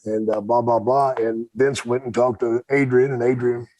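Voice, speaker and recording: A man's voice: mid-range voice, level tone, normal speed, a little mellow, dull audio. A man hosting a casual chat, laid-back, telling a short story and answering with brief agreement. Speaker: host.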